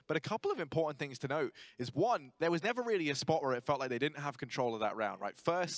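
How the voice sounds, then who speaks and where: A man giving color commentary on a competitive shooter match, talking quickly and casually with lots of "you know" and "right?". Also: mid-range voice, fairly bright tone, no echo. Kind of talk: analysis commentary.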